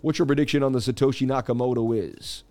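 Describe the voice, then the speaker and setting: A man's voice: medium pitch, steady tone, quick pace, a little mellow, faint music behind. Jokey man hosting a market livestream. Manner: joking, chatty, reads viewer comments aloud. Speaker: crypto livestream host. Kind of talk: casual livestream market commentary.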